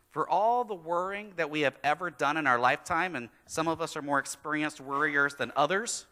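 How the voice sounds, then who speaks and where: A pastor preaching a sermon, telling a story about his kids and acting out their lines in lively storytelling. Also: a little high, a little fast, hardly any pauses. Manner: animated storytelling, acting out his kids' voices. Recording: long hall reverb.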